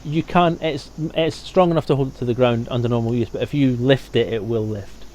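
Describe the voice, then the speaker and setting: A man narrating and refereeing as game master, in a relaxed way with hesitant fillers. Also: medium pitch, brisk, a loud crowd.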